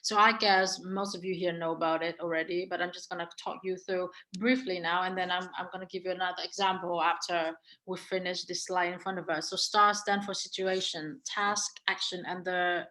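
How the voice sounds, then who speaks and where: A woman's voice: on the low side, little pitch movement, bright, forceful tone, rough recording. A woman co-presenting an online webinar over a video call, telling her own interview stories in an earnest way, with many restarts and fillers. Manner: halting, frequent restarts and fillers; earnest storytelling about past interviews. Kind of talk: casual online webinar talk.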